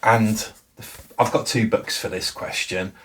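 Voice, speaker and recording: A man's voice: fairly low pitch, steady tone, moderate pace, fairly bright tone. A man hosting his book channel, talking casually and telling stories with frequent restarts. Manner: chatty and storytelling, with frequent self-restarts. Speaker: BookTube channel host. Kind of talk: casual book vlog talk.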